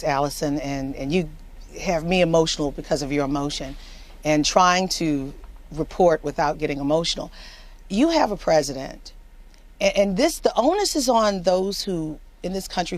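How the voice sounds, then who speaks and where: On a news panel, a woman political commentator argues with emphatic passion in a low, expressive voice at a moderate pace. She often repeats words to press her point in the impassioned discussion.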